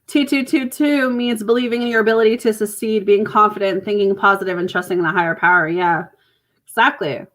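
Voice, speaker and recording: A woman's voice: mid-range voice, steady tone, brisk, a bit bright. A Canadian woman, mother of grown children, giving a chatty, reassuring live tarot reading to viewers. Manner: chatty, reassuring, laughs often. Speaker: tarot reader.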